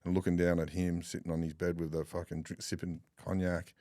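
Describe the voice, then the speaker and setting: A middle-aged Australian man telling rough stories in casual chat, swearing freely and laughing as he goes. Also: low-pitched, brisk, no room sound, studio quality. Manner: swears often, animated yarn-spinning with laughs. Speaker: podcast guest.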